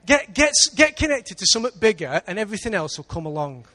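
A man with an English accent preaching a sermon in church, lively, with big swings between loud and quiet. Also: high-pitched, fast. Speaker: pastor.

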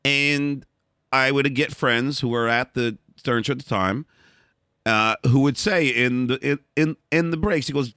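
A middle-aged man as an interview guest, telling candid stories in a blunt, animated way, often restarting and repeating words. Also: medium pitch, unhurried, clear, resonant tone, no echo, studio quality. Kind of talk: candid storytelling in a conversation.

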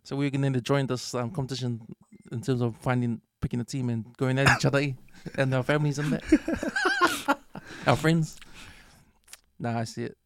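A man with a New Zealand accent hosting a casual podcast chat, relaxed, putting questions to the group. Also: medium pitch, moderate pace. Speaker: podcast host.

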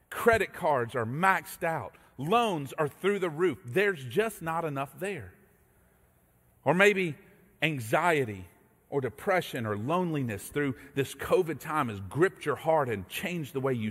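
A man preaching a sermon as a pastor, telling stories with animated energy and acting out voices. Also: on the high side, measured pace, slightly rough. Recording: echoey hall reverb.

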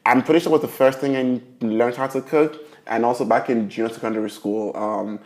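A young man from Nigeria hosting a podcast, talking in a chatty, animated way with plenty of fillers. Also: medium pitch, fairly quick. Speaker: podcast host. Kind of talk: casual chat.

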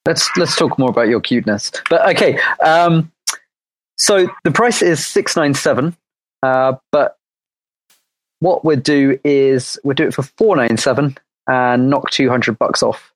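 A man's voice: medium pitch, measured pace, no room sound, low-quality recording. A man chatting casually as a guest coach, upbeat and joking as he explains things. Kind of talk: casual chat.

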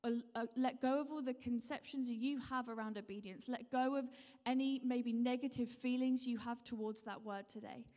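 A woman's voice: on the high side, steady tone, moderate pace, dark tone. A woman giving a sermon, repeating her points and putting questions to the congregation. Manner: repetitive, encouraging, asks the congregation questions. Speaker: preacher. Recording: long hall reverb.

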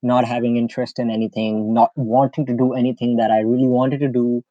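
A man's voice: mid-range voice, level tone, a little fast, mellow, no room sound, muffled recording. A young man from Pakistan hosting a casual podcast, telling a personal story in a rambling way full of "like" and fillers. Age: young adult. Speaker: podcast host.

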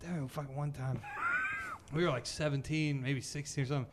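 A man's voice: medium pitch, steady tone, brisk, heavy background noise. A man in casual chat, telling stories full of swearing and laughter. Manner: profane, laughing storyteller.

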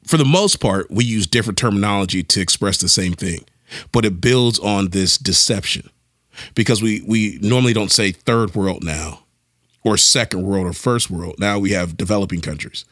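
A man co-hosting a podcast, talking in an animated, casual way and thinking aloud with frequent restarts. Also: on the low side, normal speed, dry recording, clean studio sound. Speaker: podcast co-host. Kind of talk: casual discussion.

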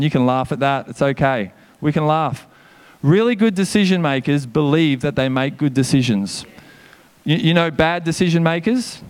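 A male pastor preaching energetically, in a casual, conversational way full of quick asides. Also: mid-range voice. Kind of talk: sermon.

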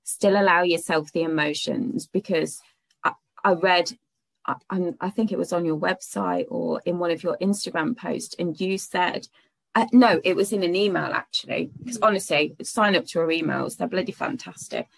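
A woman's voice: on the low side, moderate pace, gravelly, no echo. A woman hosting a podcast, chatty and enthusiastic, often tagging her remarks with questions. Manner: chatty, enthusiastic, asks "don't we" tags. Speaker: podcast host. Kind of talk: casual podcast conversation.

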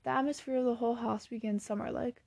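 A woman's voice: a little high, fast, vocal fry, no room sound. Woman reading a classic novel aloud. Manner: plain, steady reading with small slips and self-corrections. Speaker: audiobook reader. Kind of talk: storybook narration.

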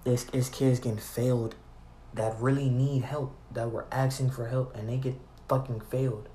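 A man's voice: mid-range voice, little pitch movement, normal speed, warm tone, a little hiss or hum. A young man giving a heated, profane monologue, full of repeated "bro" and restarts. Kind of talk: ranting monologue to camera. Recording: roomy echo with faint ambience.

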